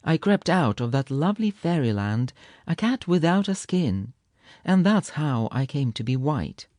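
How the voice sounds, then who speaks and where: A man's voice: on the high side, sing-song, unhurried, darkish tone, no room sound, studio quality, pitched above the performer's own voice. A man voicing a proud, touchy male kitten who spins a tall tale with fanciful, indignant flair. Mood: teasing, indignant.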